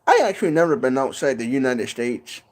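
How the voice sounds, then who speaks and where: A man's voice: medium pitch, lively intonation, fairly quick, darkish tone. A man with a Michigan accent chatting casually on a livestream from his porch, rambling and often tacking on "and stuff". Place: home porch, outdoors.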